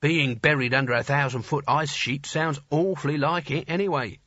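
A man's voice: on the high side, normal speed, pushed and bright, dry recording, lo-fi sound. A man voicing a laid-back male genie who drawls in an offhand, slangy way.

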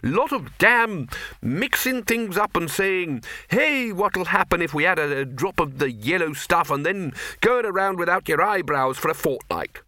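A man voicing a gruff, blustering older male head of a wizards' college who speaks brusquely and snaps. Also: high voice, animated, unhurried, bright, forceful tone, dry recording, pitched above the performer's own voice, exaggerated voice.

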